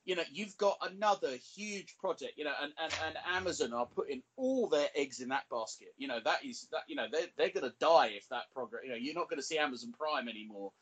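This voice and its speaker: A man's voice: fairly high pitch, animated, quick pace, few pauses, a bit bright, a little hiss or hum. A man co-hosting a casual podcast, chatty and peppering his talk with "you know". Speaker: podcast co-host.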